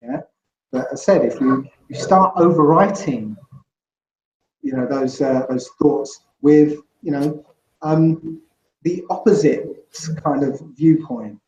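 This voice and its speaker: A man's voice: fairly high pitch, takes it slowly, a little mellow, a little hiss or hum. Man with a roomy, muffled sound. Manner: rambling, full of "you know" and "right?". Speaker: guest. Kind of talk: casual interview chat.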